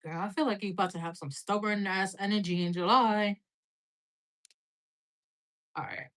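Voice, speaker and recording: A woman's voice: medium pitch, steady tone, normal speed, fairly bright tone. A woman giving a casual live-stream tarot reading, chatty and loose, peppering her talk with "like" and "right?" and the odd swear word. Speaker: tarot reader.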